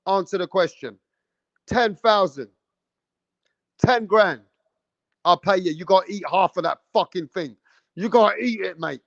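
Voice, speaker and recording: A man, hosting a livestream and loudly teasing and daring his chat, swearing freely. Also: sits high, unhurried, gravelly, long pauses, dry recording, lo-fi sound. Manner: loud, teasing, swears a lot, goads the chat. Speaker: livestream host.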